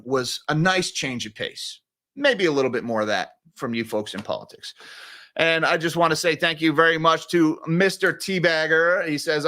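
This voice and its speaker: A man's voice: on the high side, sharp tone. A male host giving casual, opinionated market commentary on a live stream, talking straight to his viewers. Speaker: host of a finance news channel.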